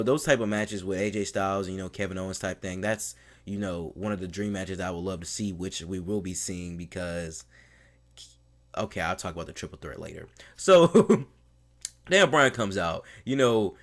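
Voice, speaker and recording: Low-voiced man rambling like an excited fan. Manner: excited fan rambling, full of fillers like "man", "bro", "you know"; mimics the people he quotes in a raised voice. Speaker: wrestling show reviewer. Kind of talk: casual video review.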